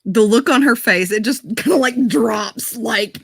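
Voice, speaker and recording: A woman's voice: a little high, measured pace, vocal fry, slightly rough, dry recording. Giggly woman player, dry sound. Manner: giggly, chatty. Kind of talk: tabletop role-play.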